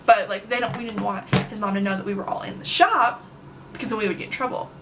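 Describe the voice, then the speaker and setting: A young adult woman telling a story on her vlog, chatty and animated, with plenty of filler words. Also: mid-range voice, quick pace, noisy background. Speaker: vlogger. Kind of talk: casual storytime.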